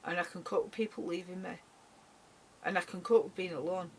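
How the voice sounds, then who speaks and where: A middle-aged woman speaking in an emotional personal vlog monologue, halting and often repeating her words. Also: lowish voice, fairly even intonation, darkish tone, a little hiss or hum. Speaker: vlogger.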